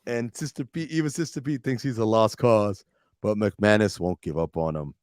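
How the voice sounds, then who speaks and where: A man hosting a podcast, retelling TV episodes in a casual, profane, animated way with plenty of quoted dialogue. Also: lowish voice, moderate pace, clean tone, no room sound, studio quality. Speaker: podcast host recapping a TV series. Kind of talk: casual recap chat with friends.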